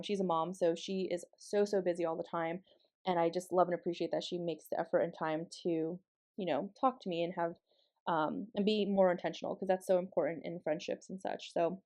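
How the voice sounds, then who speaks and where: A woman's voice: fairly low pitch, mellow. A young woman rambling casually in a planner voice-over, full of fillers and side tangents. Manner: rambling, chatty, many fillers and asides. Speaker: planner vlogger.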